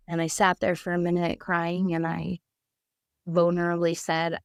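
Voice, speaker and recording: Her delivery stays entirely flat and moderately paced as this podcast guest, a woman with a somewhat low, smooth, clear voice, recounts her life. She's candid and sincere, acting out quoted conversations vividly, in a close, dry recording free of room echo.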